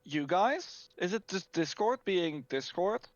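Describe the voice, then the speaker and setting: High, lively male esports caster. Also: slow, no room sound. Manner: chatty, reads out viewer chat. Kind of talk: casual game commentary. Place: home setup on an online voice call. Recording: dull, dry voice-chat audio.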